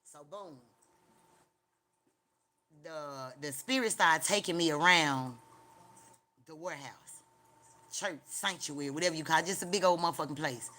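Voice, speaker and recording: Low-voiced woman telling a rambling story. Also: a little slow, long pauses, bright, forceful tone. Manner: rambling, profane, repeats filler like "da, da, da"; chats directly to her viewers. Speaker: livestream host. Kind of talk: casual storytelling on a livestream.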